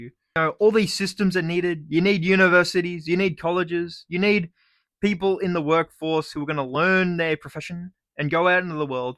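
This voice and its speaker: A young man with an Australian accent rants on his own vlog, sarcastic and full of swearing. His voice is bright and forceful and sits a little high. The sound is dry and close. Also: dry recording. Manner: profane, sarcastic, animated ranting. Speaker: YouTuber. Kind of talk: casual ranting vlog.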